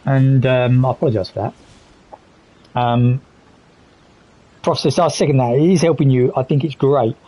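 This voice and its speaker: A man's voice: mid-range voice, moderate pace, long pauses, mellow, poor audio. A man live streaming a game, talking candidly and reflectively while reading chat messages aloud. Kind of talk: casual gaming stream commentary.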